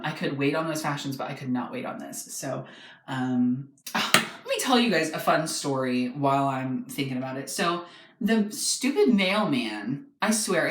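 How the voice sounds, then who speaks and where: A man chatting excitedly in a casual toy review vlog, talking freely with frequent ums. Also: on the high side. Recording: echoey room.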